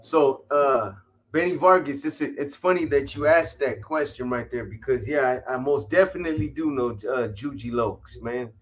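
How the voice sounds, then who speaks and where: Male podcast host, relaxed, conversational backchanneling. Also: mid-range voice, moderate pace. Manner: laid-back, short agreeing replies. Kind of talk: casual chat.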